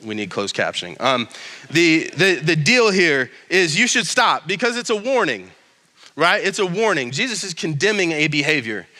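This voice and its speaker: A man's voice: on the high side, sing-song, normal speed, sharp tone, long reverb tail. A male pastor giving a casual, joking sermon with many restarts and reading scripture aloud.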